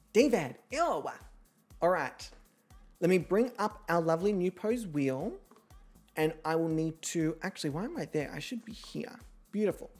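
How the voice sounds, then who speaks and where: A woman hosting a game stream from home, chatty and excitable, swearing freely and chatting to her pets between rounds. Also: medium pitch. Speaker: host of an online reality show game stream. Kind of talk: casual livestream chat.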